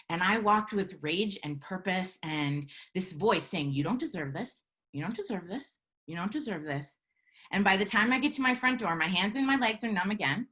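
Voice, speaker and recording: A woman telling a personal story live, in an earnest, measured way with halting pauses. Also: fairly low pitch, sharp tone. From Canada.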